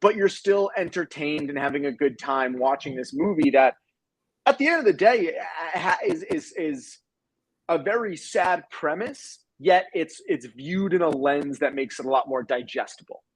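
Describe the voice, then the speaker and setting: A young adult man co-hosting a casual movie review chat, animated and swearing casually as he retells scenes. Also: fairly high pitch, normal speed, slightly rough, dry recording, poor audio. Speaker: film review podcast co-host.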